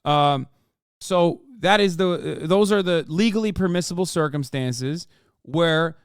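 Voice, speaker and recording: Profane ranting male streamer, bright tenor. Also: a little high, unhurried, clear, resonant tone, no room sound, clean studio sound. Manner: profane, combative, yells at chat. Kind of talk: live stream reaction rant.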